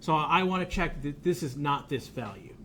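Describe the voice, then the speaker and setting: A man with a slightly higher voice than most men is giving a casual college lecture on game programming. He explains out loud as he goes and circles back to repeat phrases. He is blunt when something is no good. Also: expressive, normal speed, slight background noise. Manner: informal, thinks aloud and repeats himself while explaining; blunt about tools he dislikes. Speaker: college game development instructor. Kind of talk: recorded classroom lecture.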